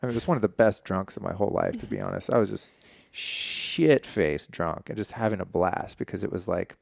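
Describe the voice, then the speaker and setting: A man's voice: low voice, fairly quick, creaky, no room sound, clean studio sound. A man in his forties, a podcast guest, candidly telling a personal story in a casual, profane way. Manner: candid, profane, animated retelling.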